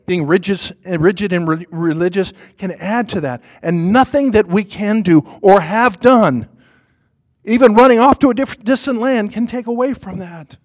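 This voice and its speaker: A man preaching a sermon to a congregation in church, emphatic and repetitive, swinging from loud stress to hushed quiet. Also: high-pitched, moderate pace.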